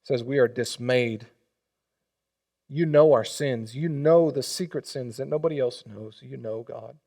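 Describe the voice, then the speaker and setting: A man preaching a sermon as pastor, emphatic, swinging between loud and hushed and leading the congregation in call and response. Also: medium pitch, moderate pace, creaky.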